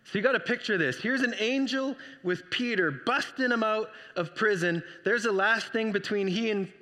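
A man preaching a sermon, telling the story with lively energy and acting out the voices. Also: sits high, moderate pace, long reverb tail. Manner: animated storytelling, acts out voices. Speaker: pastor.

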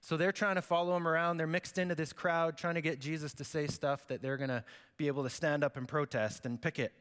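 A man's voice: fairly high pitch, fairly even intonation, fairly quick, a bit bright, smooth. A man preaching a sermon as pastor, conversational and joking, acting out the quotes he reads. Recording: long hall reverb.

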